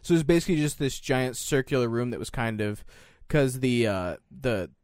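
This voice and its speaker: A young man in casual chat as a podcast co-host, telling crude, animated stories full of swearing. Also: mid-range voice, moderate pace, smooth, no room sound, clean studio sound.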